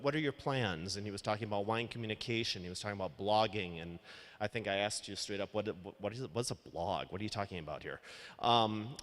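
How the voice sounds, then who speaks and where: A man's voice: medium pitch, fairly bright tone. Man, earnest storyteller at a conference, reverberant hall. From Minnesota, United States. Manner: earnest, acts out quoted dialogue. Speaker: wine blogger telling a story. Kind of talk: storytelling talk to an audience.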